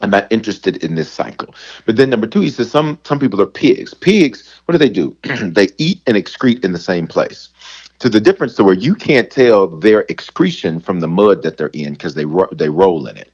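A man, a bishop and pastor, talking about love in a lively, preacherly way with playful asides. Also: sits low, moderate pace, slightly rough, lo-fi sound. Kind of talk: preaching in casual conversation.

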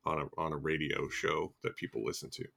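A man's voice: rumbling low, fairly even intonation, fairly quick, creaky, sharp tone. A man in his thirties hosting a podcast in casual chat, hesitant and self-deprecating, with lots of fillers and restarts. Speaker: podcast host.

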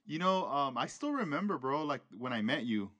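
A man hosting a casual chat, relaxed and slangy, recalling how he first met his guest. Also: medium pitch, moderate pace, dry recording, dull audio. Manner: laid-back, slangy.

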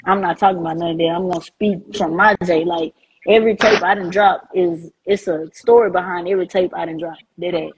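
A woman's voice: lowish voice, fairly even intonation, a little fast, a little hiss or hum, rough recording. A woman rapper chatting casually, confident and slangy. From Alexandria, US East Coast. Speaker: rapper guest. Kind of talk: casual chat.

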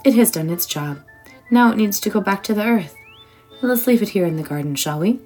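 A woman voicing a gentle, motherly old female witch who soothes a child in a soft voice. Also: medium pitch, animated, fairly quick, husky, faint music behind. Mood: soothing. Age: older.

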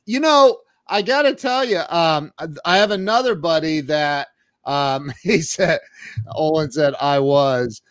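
A fairly high-voiced man hosts a casual interview, cracking jokes and greeting his viewers by name. His voice sounds dry and close to the mic. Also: a little slow, a bit bright, clear, resonant tone, no echo. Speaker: podcast host. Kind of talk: casual live-stream interview.

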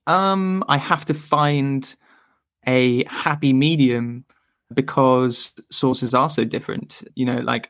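A man as a podcast guest, explaining his views thoughtfully with pauses and restarts. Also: medium pitch, no room sound, studio quality. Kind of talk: casual interview chat.

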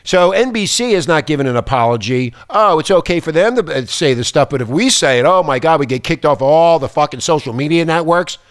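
A man's voice: fairly high pitch, animated, fairly quick, hardly any pauses, no room sound, studio quality. A man hosting a talk radio show, ranting angrily and swearing often. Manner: angry, profane, insulting.

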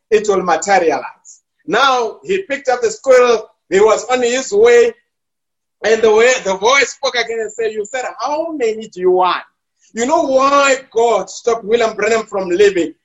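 A high-pitched man preaching with fervor, slowing down to stretch out his key lines. The recording is dull and lo-fi, with the top end missing. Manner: fervent preaching with drawn-out emphatic phrases. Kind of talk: sermon. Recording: dull lo-fi sound.

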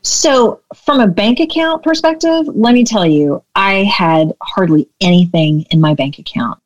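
Lady coach on a podcast, animated storyteller, dry muffled lo-fi sound. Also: mid-range voice, a little slow, no echo. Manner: animated storyteller who acts out dialogue. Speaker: business coach guest.

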